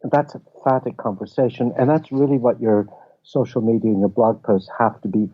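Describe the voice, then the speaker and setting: A man's voice: mid-range voice, fairly quick, slightly rough. A man, a film festival founder, explaining ideas with anecdotes as a guest in a casual interview. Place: office. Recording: tinny phone-like line.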